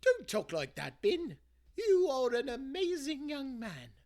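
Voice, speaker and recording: A man voicing a warm, cheeky elderly grandmother in a storybook read-aloud, mostly in a high whisper. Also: wildly swooping pitch, slow, heavily acted. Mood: tender.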